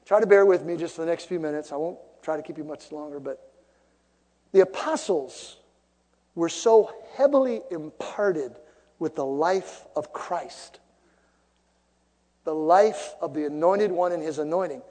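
Male preacher, high voice, emphatic sermon delivery with loud peaks, recorded in a reverberant church. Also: a little slow, long pauses. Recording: long reverb of a large hall.

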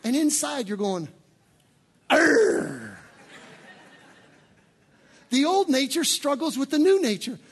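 A man preaching a sermon as pastor, rising to shouted peaks and dropping into playful, joking asides. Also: very high voice, sing-song, moderate pace, few pauses.

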